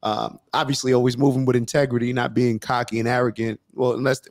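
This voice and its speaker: Male host, mid pitch, dry close sound; motivational, reflective talker. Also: little pitch movement, quick pace, a little mellow, dry recording. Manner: reflective, motivational, many fillers. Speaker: podcast host. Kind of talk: casual conversation.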